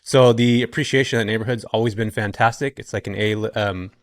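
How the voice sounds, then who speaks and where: A man in his forties from California, a podcast guest telling his story in a relaxed, chatty way with plenty of ums. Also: fairly low pitch, fast talker, no room sound, studio quality. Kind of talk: casual podcast chat.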